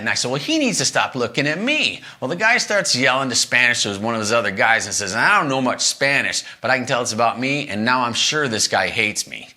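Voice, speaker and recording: A middle-aged man hosting a podcast, telling a story from the road in a casual way and acting out the quoted lines. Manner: animated, acts out quoted lines with big pitch jumps.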